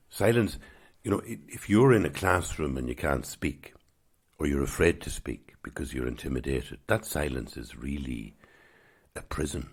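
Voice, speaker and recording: A man hosting his own podcast, giving a gentle, musing spiritual talk at an unhurried pace. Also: very deep voice, gravelly, slightly rough. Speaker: podcast host.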